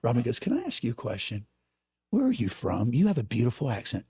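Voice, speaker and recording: A man co-hosting a talk radio show, telling stories in an animated way and laughing at his own jokes. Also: mid-range voice, quick pace, slightly rough, no room sound. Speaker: radio co-host. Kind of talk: casual talk radio chat.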